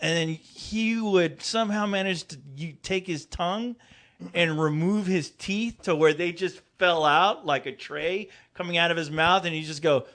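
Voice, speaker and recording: A man on a podcast telling a funny story in casual chat. He laughs a lot and swears freely. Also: normal speed. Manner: animated, laughing, swears freely, jumps into high voices for quoted people. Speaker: podcast co-host.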